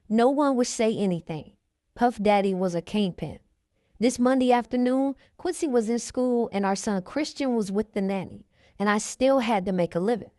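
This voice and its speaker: A woman reading a memoir aloud in the first person, in a steady manner. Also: mid-range voice, dry recording, clean studio sound. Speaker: reader.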